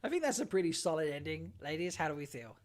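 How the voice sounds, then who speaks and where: A woman hosts a relaxed fan panel chat, her pitch rising and falling in lively swoops. She breaks into laughter again and again and trips over her own words as she talks. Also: quick pace. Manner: giggly, laughs often, stumbles through sentences. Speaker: host of a fan talk show.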